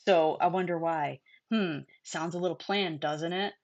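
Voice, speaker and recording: A woman's voice: lowish voice, fairly even intonation, moderate pace, darkish tone, muffled recording. A woman hosting a casual livestream chat, talking bluntly, swearing freely and laughing often. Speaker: host.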